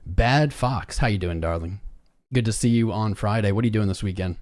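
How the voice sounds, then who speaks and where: A man's voice: on the low side, a little fast, a little mellow. A man hosting a live crypto trading stream, chatting casually and greeting viewers by name as he reads the charts. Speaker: crypto trading livestream host.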